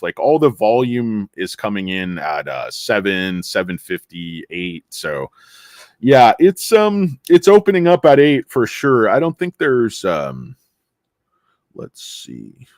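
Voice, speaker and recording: This livestream host is a middle-aged man whose lowish voice comes through a dry recording. Worn out yet wired on caffeine, he rambles on, cracks jokes, and says hello to chatters.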